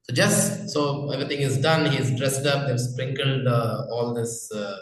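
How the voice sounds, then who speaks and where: A man tells a teaching story in a loose, chatty way. He is a spiritual teacher, and his voice sits at an ordinary middle pitch. The recording is washed in strong room echo. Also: measured pace. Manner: relaxed, conversational, with many fillers. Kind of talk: storytelling talk. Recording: very echoey room.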